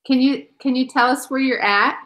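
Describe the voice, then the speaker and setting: A woman with a slightly high voice hosts an online gathering over a video call. She talks in a friendly way as she calls on each guest to speak. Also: steady tone, normal speed, a bit bright, rough recording. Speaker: host. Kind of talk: hosting an online event.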